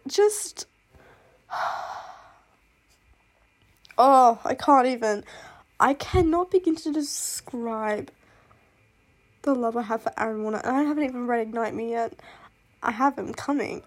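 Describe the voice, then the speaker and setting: A woman with a slightly high voice chats casually on camera about books she loves and hates. She rambles, gushes and swears freely, trailing off into laughs and sighs. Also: a little slow, long pauses. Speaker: booktuber reviewing fictional love interests. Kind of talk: casual chat.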